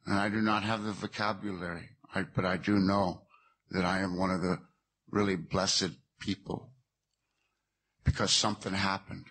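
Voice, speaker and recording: A man's voice: deep voice, level tone, normal speed, fairly bright tone, breathy edge. A man giving a personal recovery testimony, earnest and plainspoken with folksy phrasing. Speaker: speaker sharing his recovery story.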